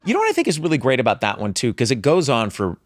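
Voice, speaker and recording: A man co-hosting a podcast in casual chat, animated and repeating words as he thinks. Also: medium pitch, rapid-fire, no room sound, studio quality. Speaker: podcast co-host.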